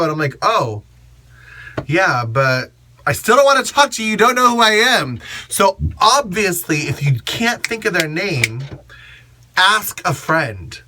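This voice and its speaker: Sassy bright-voiced drag performer. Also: male voice, sing-song, unhurried, gravelly. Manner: sassy, blunt, acts out gushing fans in shrill voices. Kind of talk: casual advice monologue.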